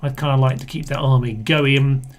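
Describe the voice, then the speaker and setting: A man's voice: medium pitch, fairly even intonation, moderate pace. A man giving casual live commentary while playing a strategy game, rambling and correcting himself with wry asides. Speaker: game streamer.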